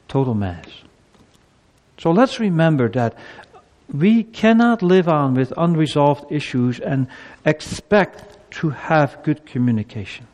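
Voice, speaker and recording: A pastor with a slightly high, unhurried voice preaches a sermon animatedly, acting out what people say to each other. The recording carries a long hall reverb.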